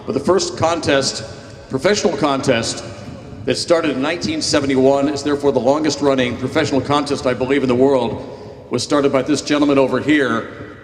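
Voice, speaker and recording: A man's voice: mid-range voice, steady tone, moderate pace, slight background noise. A man acting as master of ceremonies at a memorial, speaking upbeat to the crowd. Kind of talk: emcee remarks at a memorial. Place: outdoor beach gathering on a sound system. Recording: echoey public address with long reverb.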